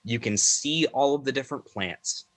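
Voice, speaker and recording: A man narrating a tabletop game as game master, describing scenes in a halting, descriptive way. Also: medium pitch, a bit bright, no room sound.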